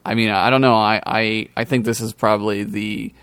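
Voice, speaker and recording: Dry-sounding young man, halting podcast talk. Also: on the low side, little pitch movement, a bit bright, clear, resonant tone, no room sound. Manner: halting, lots of "like", agreeable. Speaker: podcast co-host. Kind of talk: casual podcast chat.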